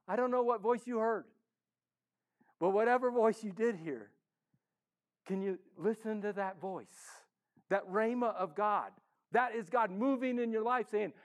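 A man preaching a sermon as a pastor in a church, casual and enthusiastic, swinging between hushed and loud. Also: high-pitched, measured pace, long pauses.

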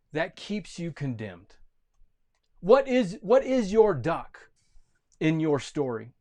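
A pastor giving a sermon, telling a story with lively energy and frequent restarts. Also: male voice, fairly high pitch.

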